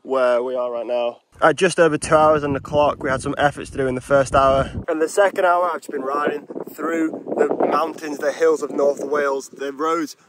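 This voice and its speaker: A man's voice: a little high, moderate pace, hardly any pauses, heavy background noise. Chatty man vlogging outdoors. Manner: chatty, excitable, swears mildly. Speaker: cycling vlogger. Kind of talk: casual vlog chat. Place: outdoors on hills.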